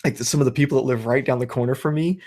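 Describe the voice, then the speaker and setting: A man's voice: medium pitch, racing, a little mellow. A man in his thirties hosting a casual chat, rambling and swearing, laughing through his own stories. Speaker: channel host.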